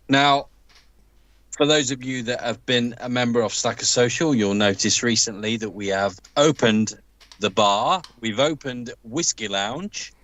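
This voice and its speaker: Low-voiced Englishman, enthusiastic and dry-sounding. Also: a bit bright, no room sound, poor audio. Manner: enthusiastic, lavishly descriptive. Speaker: livestream co-host. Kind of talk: casual livestream chat.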